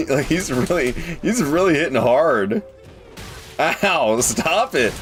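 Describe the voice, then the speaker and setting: Excitable man streaming a game. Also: fairly high pitch, extremely slow, long pauses, soft background music. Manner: excitable, swears casually, talks to chat. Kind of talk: casual live gameplay commentary.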